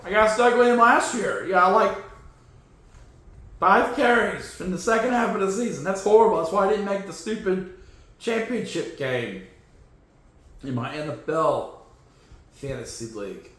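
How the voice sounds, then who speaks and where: A man with a high voice talks football news in a loose, sarcastic way, jumping from loud jabs to muttered asides. His voice rings around a very echoey room. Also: expressive, unhurried, long pauses. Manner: sarcastic, joking, swings between loud outbursts and low mutters. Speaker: podcast host. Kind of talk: casual sports commentary.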